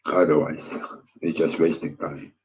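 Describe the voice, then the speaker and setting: A man hosting a casual livestream, greeting viewers in loud, upbeat bursts and rambling hesitantly with lots of filler words. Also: rumbling low, level tone, unhurried, slight background noise, poor audio.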